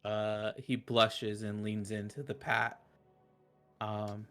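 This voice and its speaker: A man narrating his character's actions in a tabletop game in a halting way, with many fillers. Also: on the low side, flat delivery, fairly bright tone, faint music behind.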